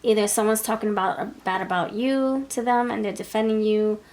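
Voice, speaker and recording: A woman's voice: medium pitch, fairly even intonation, fairly quick, darkish tone. Rambling woman reading tarot cards. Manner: rambling, repeats herself, slips into voicing others' thoughts. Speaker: tarot reader. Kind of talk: casual pick-a-card tarot reading.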